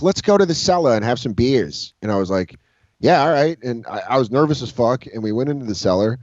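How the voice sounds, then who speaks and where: A man's voice: fairly low pitch, no echo. A man, a comedian guest, telling rambling stories in casual interview talk, cursing freely and acting out other people's lines. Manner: rambling, profane, animated quoting of others. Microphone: video call. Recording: dull lo-fi video call audio.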